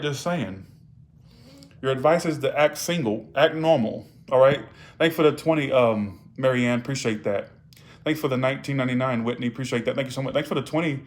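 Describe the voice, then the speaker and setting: A man giving a casual live-streamed tarot reading, blunt and profane, scolding viewers and dropping "all right?" into his lines. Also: medium pitch. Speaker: tarot reader.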